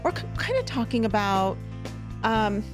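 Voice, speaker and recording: A woman's voice: medium pitch, sing-song, moderate pace, music in the background. A middle-aged woman from Southern California hosting a casual podcast conversation, chatty with frequent fillers and restarts. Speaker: podcast host.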